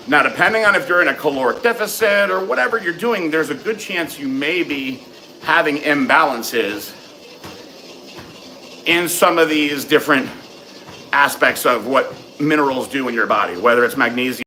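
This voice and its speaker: Frank, bright-voiced man answering questions. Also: mid-range voice, slight background noise, low-quality recording. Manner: frank, matter-of-fact advice with many fillers. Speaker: host answering viewer questions. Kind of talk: casual live Q and A.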